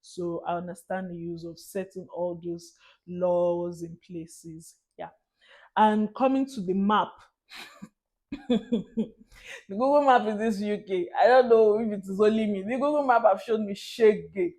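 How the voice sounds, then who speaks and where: A young Nigerian woman with a Nigerian accent talks straight to her camera in a casual storytelling monologue. She is animated and laughs often. Now and then she slips into Nigerian Pidgin. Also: mid-range voice, measured pace. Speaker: vlogger.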